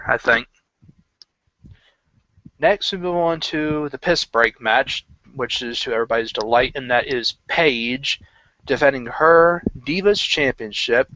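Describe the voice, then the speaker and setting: A man's voice: mid-range voice, a bit bright, dry recording. A man giving casual predictions about wrestling matches in a rambling way, full of fillers and self-corrections. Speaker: wrestling pundit. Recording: dull lo-fi recording.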